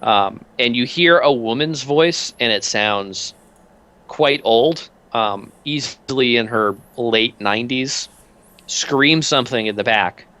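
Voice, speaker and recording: A man narrating a tabletop role-playing game as game master, casual and halting with many fillers. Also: medium pitch, pushed and bright.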